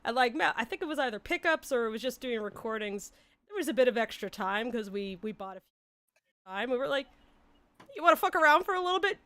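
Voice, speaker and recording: A woman's voice: a little high, a little fast, a bit bright, dry recording. A woman on a cast stream telling stories in casual chat, giggly and full of quoted asides.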